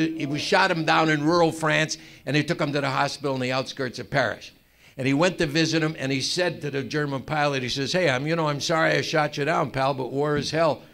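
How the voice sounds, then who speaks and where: A male comedian at a roast, spinning a mock-sincere tall tale with deadpan asides. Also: on the high side. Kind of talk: stand-up storytelling at a roast. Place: club room with a live audience.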